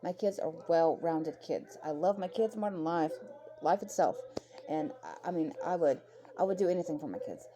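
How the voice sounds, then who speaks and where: A female commentary creator rants in heated, profane commentary, often repeating herself and bringing up her own kids along the way. She speaks in a deep, expressive voice at a moderate pace.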